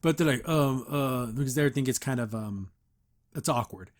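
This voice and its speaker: A man's voice: mid-range voice, moderate pace. A male podcast host giving a casual recap of a cartoon episode, breaking in with mocking, disbelieving asides. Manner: mocking, incredulous asides with chuckles.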